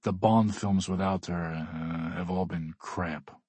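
A man voicing a bored, blunt male billionaire in an audiobook, speaking flatly and without interest. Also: breathy edge, dry recording, exaggerated voice. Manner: flat, unimpressed, slow and low. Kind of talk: audiobook character voice.

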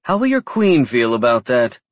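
A man voicing a small, sharp-tongued female vampire with a brisk, sarcastic manner. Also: medium pitch, sing-song, dry recording, natural voice.

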